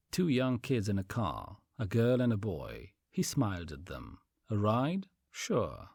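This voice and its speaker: A man narrates an audiobook with a deep, husky voice. His reading moves up and down expressively, and the sound is close and dry. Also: darkish tone, dry recording.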